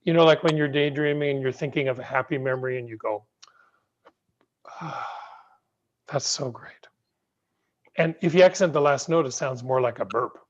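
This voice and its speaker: A middle-aged man teaching piano in an online masterclass, gentle, patient and encouraging, heard over a video call. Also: medium pitch, fast, hardly any pauses. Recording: muffled video call audio.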